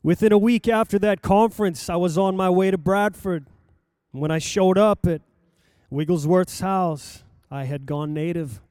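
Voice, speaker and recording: Warm-voiced older male preacher. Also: on the high side, clear, resonant tone, no room sound, studio quality. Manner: lively anecdotal telling with acted quotes. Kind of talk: sermon storytelling.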